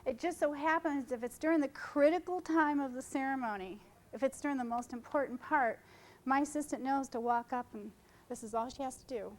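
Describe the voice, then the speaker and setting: A woman's voice: high-pitched, brisk, poor audio. Chatty woman teaching wedding photography. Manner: chatty, jumps between topics, jokes with audience. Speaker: wedding photographer giving a seminar. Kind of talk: informal seminar talk to photographers. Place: conference room.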